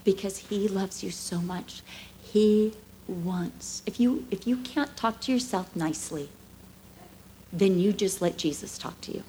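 A middle-aged woman preaching a sermon, expressive, acting out voices and dropping to hushed asides. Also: medium pitch, unhurried, slight background noise. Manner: expressive, acts out dialogue, drops to hushed asides.

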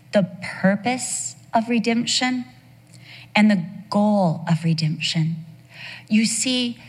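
Female Bible teacher, husky voice, emphatic and expressive, long hall reverb. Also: mid-range voice. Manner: emphatic and expressive, with lively storytelling. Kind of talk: Bible teaching talk to women.

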